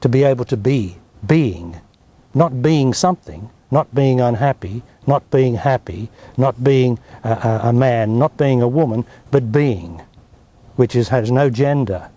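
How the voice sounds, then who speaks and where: A man's voice: medium pitch, lively intonation, normal speed, warm tone. A man with an Australian accent, a spiritual teacher giving emphatic, blunt answers in an interview. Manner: emphatic, blunt, dismissive of objections.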